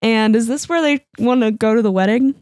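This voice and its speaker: A woman's voice: on the high side, fairly quick, a little mellow, dry recording. A woman co-hosting a podcast in casual chat, chatty and laughing often. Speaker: podcast co-host. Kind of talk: casual chat about a horror film.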